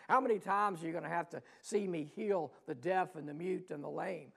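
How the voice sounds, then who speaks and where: Pastor, male, raised pitch with gravel in it; sermon delivery that throws rhetorical questions at the congregation. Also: normal speed, hardly any pauses. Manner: dynamic preaching, swelling loud then dropping to hushed asides. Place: church sanctuary.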